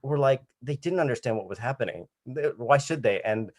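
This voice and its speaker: A man telling a comic anecdote on a virtual show, animated, acting out voices and laughing as he goes. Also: medium pitch, brisk. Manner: animated, acts out voices and laughs mid-story. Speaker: comedian guest. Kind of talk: storytelling anecdote. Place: home video call.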